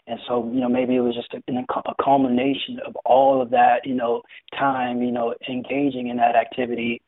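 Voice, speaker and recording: A young man with a husky, slightly breathy voice recounts his experience in an interview, pausing often and restarting his sentences. His voice comes through a narrow, tinny line like a phone call. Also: medium pitch, little pitch movement. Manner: hesitant, many fillers and restarts. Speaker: interview guest. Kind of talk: personal story in conversation.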